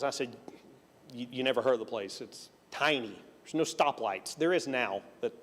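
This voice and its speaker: A middle-aged pastor from Texas delivers a conversational sermon in a church sanctuary, sharing a personal story and acting out the dialogue with self-deprecating humor. His voice is medium-pitched and fairly bright, moving at a normal speed, with the reverb of a church hall around it.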